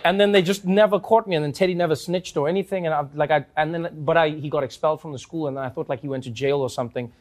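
A man with a South African accent telling comic stories to an audience, acting out voices with big jumps in pitch. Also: fast, few pauses, slight background noise. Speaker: talk show host. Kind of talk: storytelling to a live audience.

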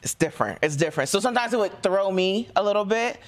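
A woman actor chats on a talk show, telling stories in a relaxed, expressive way. Her voice sits in a medium range. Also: mid-range voice, quick pace. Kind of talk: interview chat.

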